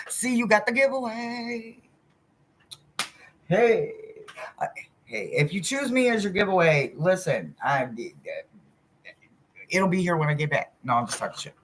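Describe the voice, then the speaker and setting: A woman hosting a casual live chat as a spiritual reader, talking straight to her viewers in a blunt, animated way that swears freely and swings from loud to soft. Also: lowish voice, a little hiss or hum.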